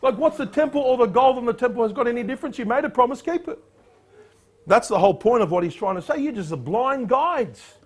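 A man preaching a sermon, reading scripture aloud in a declamatory voice and urging his listeners with sharp, rising emphasis. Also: sits high. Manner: reads scripture in a louder, declamatory voice. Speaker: pastor.

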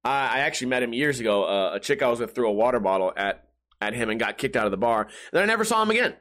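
A man hosting a podcast, ranting in a casual comedic monologue, excitable and profane with rambling restarts. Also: mid-range voice, racing. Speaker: podcast host.

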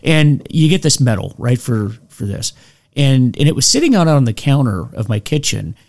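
Animated man telling stories, laughing. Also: mid-range voice, normal speed, gravelly. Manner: animated, self-deprecating, laughs often; frequent restarts and "you know". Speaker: podcast host. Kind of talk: casual storytelling interview.

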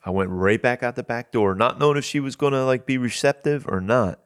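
Brief: lower-voiced male host, earnest conversational preaching, dry close sound. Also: a little fast, hardly any pauses, clear, resonant tone, no room sound. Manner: earnest, repeats words when starting a thought. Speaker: Christian talk show host.

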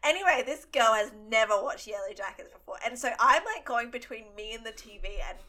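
A young woman co-hosting a casual podcast chat, excitable and quick to swear, with lots of fillers. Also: a little high. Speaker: podcast co-host.

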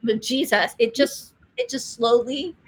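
A middle-aged woman hosting a faith talk show, telling a story with lively energy and frequent laughter. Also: a little high, husky. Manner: excited storytelling, laughs often, fast animated retelling.

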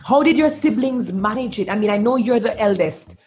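A woman's voice: a little high, lively intonation, fairly quick, a little mellow, faint music behind. A woman hosting an interview, chatty and full of fillers as she asks questions. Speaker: interview host. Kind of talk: conversational interview.

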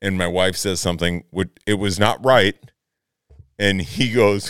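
A man's voice: fairly low pitch, unhurried, clear, resonant tone, no echo, studio quality. A man co-hosting a casual podcast, laid-back and laughing, swearing freely as he tells stories. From United States. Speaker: podcast co-host. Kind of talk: casual chat.

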